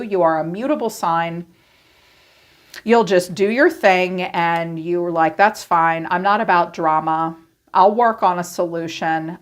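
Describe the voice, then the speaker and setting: A woman giving a casual tarot reading, chatty and blunt, swearing freely and acting out what people think. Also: fairly low pitch. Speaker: tarot reader.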